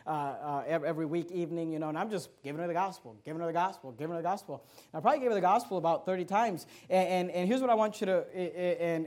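A man preaching a sermon, reading verses slowly and with emphasis, then dropping into quick asides full of fillers and repeats. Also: high-pitched, a little mellow. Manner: repeats words and stumbles with fillers. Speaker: pastor.

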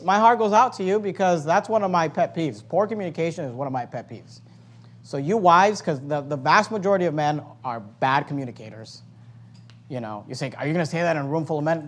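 A male pastor delivering a sermon with a fairly high voice. He is animated and joking, and he reads scripture aloud between his points.

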